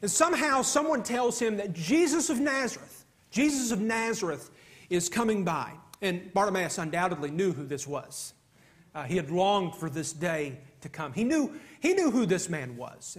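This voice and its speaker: A man's voice: sits high, very animated, moderate pace. A man preaching an earnest sermon, emphatic and given to repeating himself.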